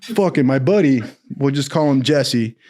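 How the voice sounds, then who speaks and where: A man telling a comic story in a casual, profane, animated way. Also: mid-range voice, normal speed.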